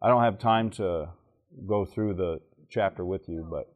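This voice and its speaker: A man's voice: low-pitched, unhurried, phone-quality sound. Joking man teaching a church crowd. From Alabama, southern United States. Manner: joking storyteller who quizzes the audience. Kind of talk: teaching talk to a live audience.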